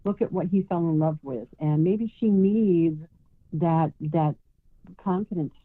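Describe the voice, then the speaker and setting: A woman guest on a call-in radio show, giving gentle advice and calling the caller sweetheart. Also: on the low side, unhurried. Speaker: psychic guest. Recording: tinny phone line.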